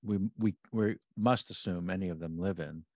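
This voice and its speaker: A man hosting a podcast, talking through an episode in a measured, analytical way, often restarting his sentences. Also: low voice, a little mellow, no echo, studio quality. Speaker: podcast host. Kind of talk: episode discussion.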